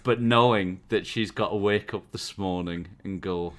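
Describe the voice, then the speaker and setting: A man's voice: on the low side, normal speed, hardly any pauses. Comedian guy telling a funny story on a podcast, laughing a lot. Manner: animated anecdote telling with laughter. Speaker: podcast co-host and stand-up comedian. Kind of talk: casual storytelling chat.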